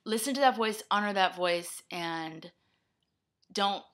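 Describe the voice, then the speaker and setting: A young woman talking straight to camera in a rambling personal vlog. Her voice is bright and forward, and her speech comes in scattered, self-deprecating bursts. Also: mid-range voice, slow. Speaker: vlogger. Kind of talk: rambling personal video blog.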